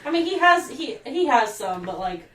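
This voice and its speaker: A woman co-hosting a podcast in casual chat, playful and quick to joke. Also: sits high, sing-song, a bit bright. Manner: playful, bursts into silly put-on voices. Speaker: podcast co-host. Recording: echoey, distant from mic.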